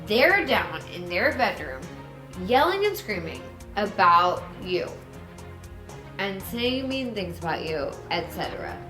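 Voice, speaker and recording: A man's voice: high voice, sing-song, slow, sharp tone, reverberant, faint music behind, exaggerated voice. A woman voicing a scheming young male reality-show player who talks eagerly and conspiratorially.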